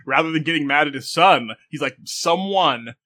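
A man co-hosting a casual podcast, enthusiastic, chiming in quickly and acting out quoted lines. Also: fairly high pitch, fairly even intonation, pushed and bright. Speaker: podcast co-host. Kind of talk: casual anime discussion.

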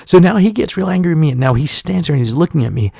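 Gravelly man telling a rambling story. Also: a little high, expressive, quick pace, warm tone, dry recording, studio quality. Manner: rambling, profane, self-interrupting. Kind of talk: casual storytelling.

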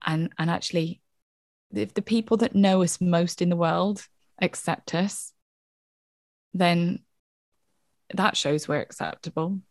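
A woman's voice: on the low side, slow pace, pauses often, a little mellow, dry recording, studio quality. A woman, a therapist and mother, talking candidly and earnestly in a reflective podcast conversation, often saying "you know".

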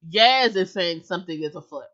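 A woman's voice: on the low side, animated, brisk, a bit bright. Giggly chatty woman, lo-fi audio. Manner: chatty, giggly, lots of "like" fillers. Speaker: podcast co-host. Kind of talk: casual chat.

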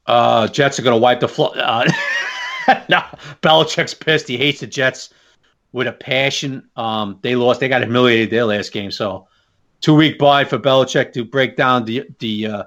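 A man co-hosting a sports podcast in casual chat, laughing often and filling pauses with "uh.". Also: medium pitch, steady tone, fairly bright tone. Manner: laughs often, trails off with fillers. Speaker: podcast co-host.

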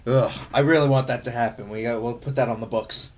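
A young man chatting casually, telling profane, animated stories with bursts of laughter. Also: mid-range voice, fast. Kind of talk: casual chat.

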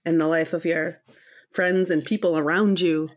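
Lower-voiced woman, steady advice. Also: moderate pace, slight background noise. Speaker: podcast co-host. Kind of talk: casual advice chat, reading listener letters.

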